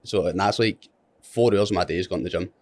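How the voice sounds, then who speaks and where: Laid-back Scottish man, lowish voice. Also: fast talker, a little mellow, no echo. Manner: laughing easily, rambling storyteller. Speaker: podcast guest. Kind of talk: casual podcast chat.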